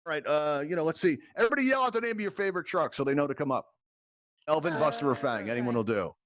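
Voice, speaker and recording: Fast-talking upbeat game show man. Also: fairly high pitch, expressive, dull audio, crowd noise. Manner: upbeat showman, chatty, playfully stalling with jokes. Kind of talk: live virtual-reality game show hosting.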